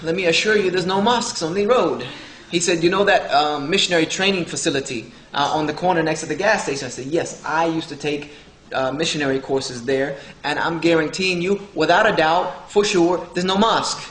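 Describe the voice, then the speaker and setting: Brisk and steady in tone, a man from the Southern US with a voice on the high side and a bit bright tells an audience a humorous personal story. He jokes and acts out other people's dialogue, with a little hiss or hum and faint ambience in an echoey hall.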